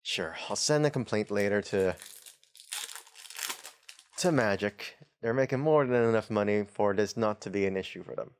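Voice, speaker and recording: A man's voice: lowish voice, moderate pace, pauses often, clear, resonant tone. A man hosting a casual card-opening video, reading card text aloud with wry, chatty asides. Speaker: host of a tabletop channel. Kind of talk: casual unboxing commentary.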